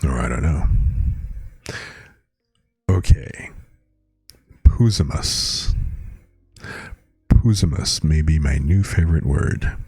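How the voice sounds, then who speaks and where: A man's voice: rumbling low, measured pace, pauses often, mellow, husky, no room sound, studio quality, faint music behind. A man streaming live, chatting casually with viewers and reading out words with their definitions.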